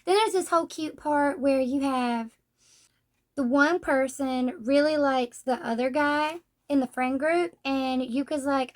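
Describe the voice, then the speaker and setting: Woman, high voice, casual book review, blunt and sarcastic, acts out quotes. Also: a little slow. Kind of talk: casual manga review chat.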